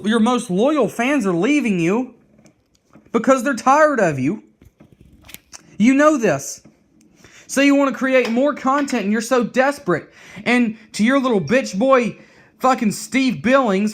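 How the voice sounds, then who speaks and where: High-voiced man in a profane, heated rant. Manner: heated, profane, repeats and restarts words. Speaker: vlogger. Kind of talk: angry rant to camera.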